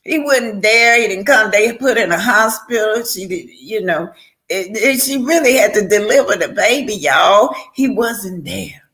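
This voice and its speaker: A woman's voice: mid-range voice, animated, moderate pace, fairly bright tone. Older woman, heartfelt preachy stream talk. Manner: heartfelt, preachy, stumbling restarts. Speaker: live-stream commentator giving life advice. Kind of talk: casual live-stream talk.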